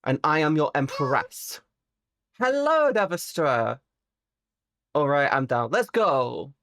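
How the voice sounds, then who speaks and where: A woman live streamer chatting casually with her viewers, playful and teasing, swearing freely and jumping suddenly into high squeaky exclamations. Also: sing-song, slow pace, long pauses, a bit bright, no echo, clean studio sound.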